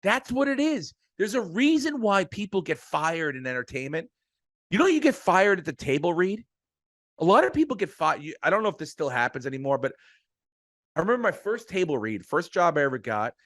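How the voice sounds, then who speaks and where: A man's voice: high-pitched, big pitch swings, a little fast, fairly bright tone, dry recording, clean studio sound. A middle-aged man with an emphatic, profane delivery, ranting about sports as a podcast co-host. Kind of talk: heated sports podcast rant.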